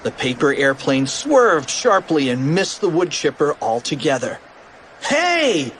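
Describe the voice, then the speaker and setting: A man narrating a children's audiobook in an animated, expressive read. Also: on the high side, normal speed, a little hiss or hum.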